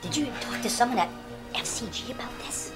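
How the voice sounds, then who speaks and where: A woman's voice: fairly high pitch, animated, fairly quick, music in the background, natural voice. A woman playing an aging male elf salesman in an amateur comedy parody, hesitant at first and then pushy and wheedling. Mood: worried.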